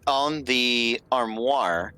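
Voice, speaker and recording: A man's voice: mid-range voice, drawn-out words, pushed and bright, a little hiss or hum. A man narrating as game master of a tabletop game, loose and apologetic, with lots of fillers.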